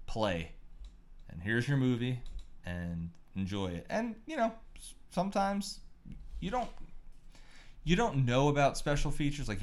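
A man co-hosting a podcast, telling rambling, animated stories in casual chat and swearing freely. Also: low voice. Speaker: podcast co-host.

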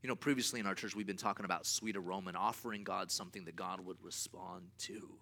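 A man preaching a sermon as pastor, with emphatic repeated refrains and swings from loud to quiet. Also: low-pitched, fairly even intonation, fast talker.

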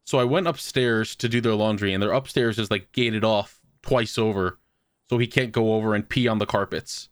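A man's voice: fairly low pitch, moderate pace, smooth, no echo, studio quality. A young man chatting casually, telling rambling, profane stories with bursts of laughter. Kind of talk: casual chat.

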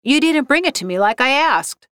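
A woman's voice: high-pitched, animated, moderate pace, fairly bright tone, dry recording, clean studio sound, pitched above the performer's own voice. A woman voicing a curt, bossy office manager. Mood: demanding. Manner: curt and demanding.

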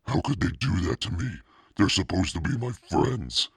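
A man's voice: rumbling low, moderate pace, creaky, fairly bright tone, husky, dry recording, clean studio sound, heavily acted. A man reading aloud and voicing an upset, easily scared schoolgirl in a raised, distressed voice.

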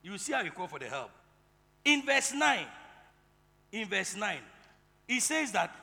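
A male pastor preaching a sermon, leading the congregation in call and response and building up to shouting. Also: high-pitched, sing-song, a little slow, gravelly, pauses often. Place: large church hall. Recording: reverberant hall with music.

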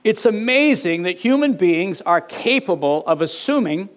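A man preaching a sermon, reading scripture aloud with animated, mock-indignant asides. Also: high-pitched, normal speed. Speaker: pastor.

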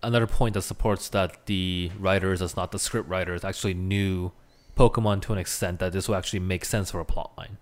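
Low-voiced man, laughing casual chat. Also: steady tone, fairly quick.

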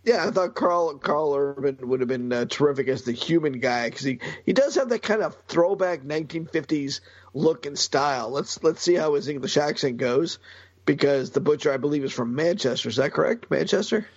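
A man co-hosting a casual comics podcast, jokey and animated, laughing often. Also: on the high side, brisk, no room sound, muffled recording. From United States. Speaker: podcast co-host. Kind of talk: casual chat about comics.

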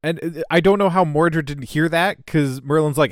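A man's voice: a little high, normal speed, no room sound. A man co-hosting a podcast in casual chat, joking and acting out quoted lines. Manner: dry, joking, acts out quotes. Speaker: podcast co-host.

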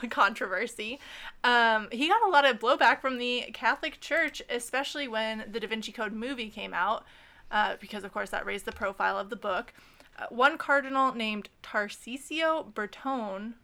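A woman co-hosts a chatty podcast, steering the discussion with a bright, ringing voice that sits fairly high. She laughs often as she talks. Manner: laughs often, leads the segment. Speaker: podcast co-host. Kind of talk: casual podcast chat.

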